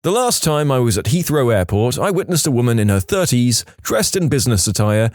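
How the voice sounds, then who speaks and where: A man narrating reddit stories, telling them with lively storytelling and a mocking tone. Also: mid-range voice, brisk, no echo, clean studio sound. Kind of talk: reading reddit stories aloud.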